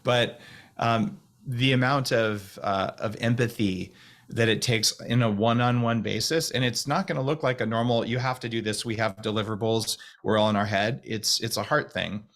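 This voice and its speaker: A man talking fast and rambling to a group on a call, with many restarts. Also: medium pitch. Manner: fast talker with restarts, slows voice to demonstrate calm. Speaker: guest speaker on a video call.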